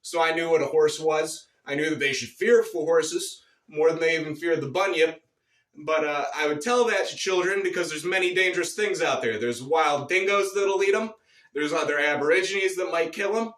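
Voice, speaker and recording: A man telling a rambling, profane and boastful absurd story in a deadpan comic monologue. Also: on the high side, moderate pace, echoey room, distant mic. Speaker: comedic storyteller.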